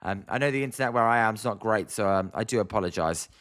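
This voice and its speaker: A man's voice: on the low side, fast talker, a bit bright. A British man doing casual live-stream play-by-play of a ball game, exasperated and chatty as he answers viewers. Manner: exasperated, chatty, reads viewer comments aloud. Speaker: live-stream sports commentator. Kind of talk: casual play-by-play watch-along.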